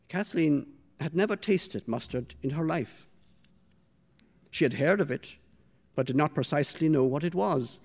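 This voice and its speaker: A man reading his own short story aloud to a live audience, in a measured, quiet storytelling manner. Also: fairly high pitch, animated. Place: stage before a live audience.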